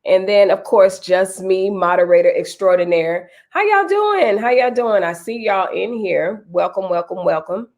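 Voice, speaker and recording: A woman's voice: lowish voice, steady tone, moderate pace, few pauses, a little mellow. A woman in her thirties, stuffy and nasal from a cold, chatting casually with viewers on a live stream and greeting them by name.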